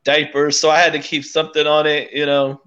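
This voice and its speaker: A man's voice: a little high, monotone, fairly quick, a bit bright, smooth, dull audio. A man chatting casually as a podcast guest, hesitant and full of fillers and restarts. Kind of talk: casual chat.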